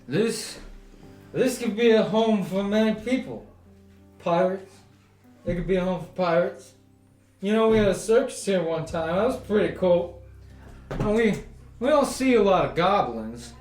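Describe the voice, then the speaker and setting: A man voicing a boastful, swaggering big male hippopotamus in a bar, with a loud voice. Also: high-pitched, expressive, measured pace, long pauses, far from the mic, pitched above the performer's own voice. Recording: echoey room with music behind.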